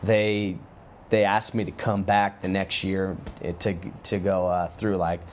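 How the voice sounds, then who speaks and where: A man with a very low, deep voice tells stories in a relaxed, meandering way, often circling back and restarting his sentences. He talks like an easygoing interview guest. Faint room ambience hums underneath. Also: measured pace, a little hiss or hum. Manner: relaxed, rambling with frequent restarts. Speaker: guest, former pro football player. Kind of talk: casual interview storytelling.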